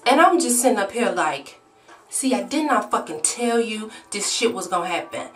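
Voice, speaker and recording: Woman vlogger, lively profane storytelling, sits back from the mic, faint music. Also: medium pitch, normal speed, distant mic. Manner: animated, swearing storyteller who acts out shouted quotes. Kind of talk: storytime vlog. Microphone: own camera.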